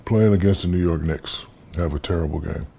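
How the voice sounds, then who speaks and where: A man in his fifties from the United States, an interview guest telling stories in a relaxed, casual way and acting out the voices in them. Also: low-pitched, brisk, creaky, husky. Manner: relaxed storyteller, acts out quoted dialogue.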